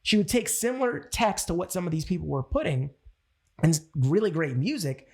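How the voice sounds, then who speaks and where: Husky man giving motivational training. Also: fairly high pitch, a little fast. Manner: animated storytelling, acts out quotes. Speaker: network marketing trainer.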